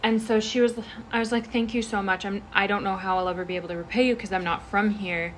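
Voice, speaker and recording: A young woman chats casually, telling an animated, rambling story full of "like" and "anyway" and quick restarts. Her voice sits at a middle pitch. Faint noise hums underneath. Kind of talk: casual chat.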